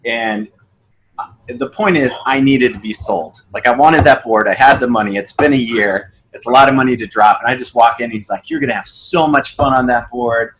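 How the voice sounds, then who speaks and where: A man's voice: fairly quick, slight background noise, low-quality recording. A young man guest on a podcast, casually telling stories and acting out the dialogue in them. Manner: storytelling, acts out dialogue with lively pitch jumps. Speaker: podcast guest, sales coach. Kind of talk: casual conversation.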